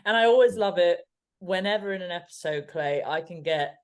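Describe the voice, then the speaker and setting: A woman in her fifties with a Home Counties English accent, co-hosting a podcast in a chatty, storytelling way and laughing easily. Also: lowish voice. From England. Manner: chatty, anecdotal, quick to laugh. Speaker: podcast co-host. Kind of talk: casual chat.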